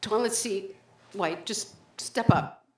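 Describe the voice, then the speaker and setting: A woman's voice: medium pitch, takes it slowly, darkish tone. A woman performing a solo theatrical story, a dramatic present-tense monologue full of muttered self-talk, recorded live on stage at a community center. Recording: roomy live venue recording.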